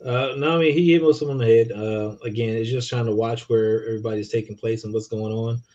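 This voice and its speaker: A man's voice: mid-range voice, steady tone, fast, dark tone, highs cut off. A man co-hosting a casual review chat, talking loosely and rambling through his points. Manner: loose and rambling, full of fillers. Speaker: podcast co-host.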